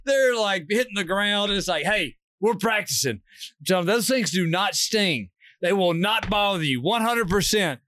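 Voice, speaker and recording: A man's voice: high voice, lively intonation, normal speed, few pauses, sharp tone, dry recording. Laid-back man on a dry mic. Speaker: podcast co-host; football coach. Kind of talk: casual storytelling chat.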